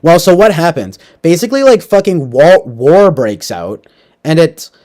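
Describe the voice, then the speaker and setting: A man's voice: on the high side, measured pace. A young man casually recapping a movie, rambling with lots of fillers. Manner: rambling, filler-heavy, animated. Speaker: podcast host.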